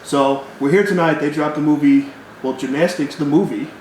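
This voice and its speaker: A man hosting a casual podcast, loud and excitable, swearing often in easy banter. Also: a little high, normal speed. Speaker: podcast host. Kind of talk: casual chat. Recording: echoey room with faint noise.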